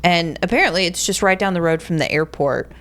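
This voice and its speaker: A woman's voice: fairly low pitch, a little fast, fairly bright tone. Laughing Southern woman reading facts. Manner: reads facts aloud, laughs often. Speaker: podcast co-host. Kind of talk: casual chat.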